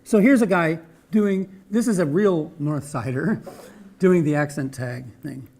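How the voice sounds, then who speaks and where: Guy lecturing off slides, kinda high voice, rambles and restarts a lot. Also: a little slow, dark tone. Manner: chatty, with many restarts and asides. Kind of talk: academic talk with slides.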